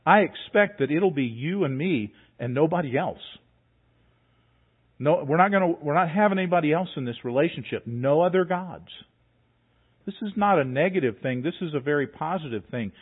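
A man's voice: on the high side, animated, normal speed, husky. A man preaching a sermon as pastor, earnest, with repeated words and rising emphasis. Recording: tinny phone-like sound.

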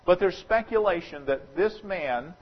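A man preaching a sermon as pastor, talking through a scripture passage in a conversational, speculative way and slowing down to stress quoted verses. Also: high voice, expressive, lo-fi sound. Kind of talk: expository sermon.

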